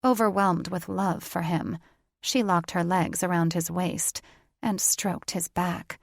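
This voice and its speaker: A woman narrating a romance audiobook with steady, intimate storytelling. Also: fairly low pitch, slow pace, gravelly, dry recording, clean studio sound.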